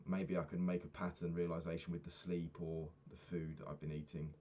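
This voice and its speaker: A young man, a personal trainer, candidly recapping his week and swearing freely, getting animated when retelling annoyances. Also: deep voice, a little fast, muffled recording, slight background noise. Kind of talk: casual vlog recap.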